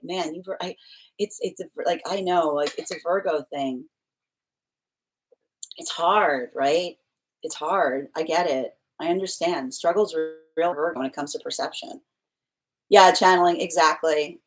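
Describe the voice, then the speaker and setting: A woman tarot reader chatting casually with viewers on a live stream, giggling often and filling her talk with "like" and restarts. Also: on the low side.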